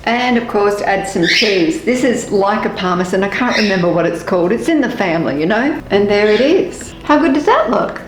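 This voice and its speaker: A woman's voice: medium pitch, animated, moderate pace, few pauses, roomy sound, soft background music, poor audio. An Australian woman chatting playfully through a casual taste-test vlog while cooking at home. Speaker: food vlogger. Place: home kitchen.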